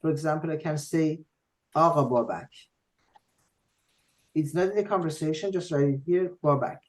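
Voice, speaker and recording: A man tutoring a student online, explaining patiently with frequent pauses and fillers. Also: on the high side, low-quality recording. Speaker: language tutor.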